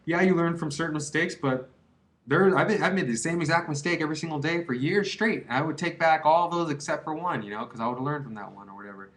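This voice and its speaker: A man's voice: fairly high pitch, fast, a bit bright. Rambling young man giving blunt advice. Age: 20s. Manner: rambling, repeats himself, slangy and earnest. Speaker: vlogger giving advice on quitting. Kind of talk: rambling casual advice monologue.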